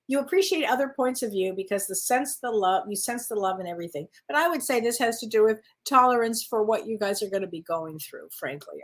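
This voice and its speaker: A woman working as a spiritual medium, giving card readings in casual, affectionate chat and calling listeners honey. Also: mid-range voice.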